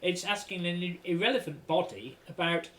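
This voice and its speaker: A man's voice: high-pitched, brisk, a bit bright. A man guest on a political podcast, making dry, wry remarks. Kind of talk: casual political discussion. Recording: roomy and distant from the mic, faint ambience.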